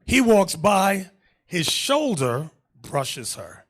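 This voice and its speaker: A man teaching a class as a bishop, in animated sermon style, shouting and acting out the voices in his anecdotes. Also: sits high, very slow.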